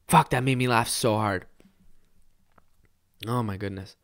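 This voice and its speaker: A young man with a fairly high voice hosting a casual solo podcast, rambling and swearing a lot as he tells stories. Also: slow. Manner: rambling, heavy swearing, animated storytelling. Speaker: podcast host.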